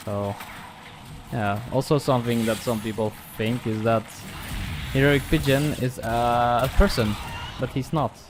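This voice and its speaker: A man giving casual, relaxed commentary over his own gameplay, pausing often with ums and restarting sentences. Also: medium pitch. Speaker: gaming channel host. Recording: clear background noise.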